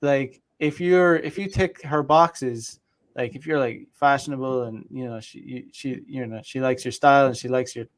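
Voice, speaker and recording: A man hosting a casual podcast, sharing his views as they come. His voice sits in a middle range, and he often stops and restarts his sentences while he works through a point. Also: mid-range voice. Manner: opinionated, halting, with frequent restarts. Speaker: podcast host. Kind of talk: casual chat.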